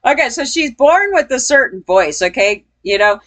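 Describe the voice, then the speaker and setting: A woman's voice: high voice, animated, normal speed, a bit bright. Blunt, rambling woman vlogger. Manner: blunt, profane, rambling with laughs. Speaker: commentary vlogger. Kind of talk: casual opinion commentary.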